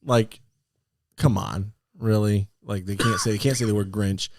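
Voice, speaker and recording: A man's voice: fairly low pitch, fairly even intonation, normal speed, darkish tone, slight background noise. A man co-hosting a podcast, telling stories animatedly and laughing often. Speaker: podcast co-host. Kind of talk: casual chat.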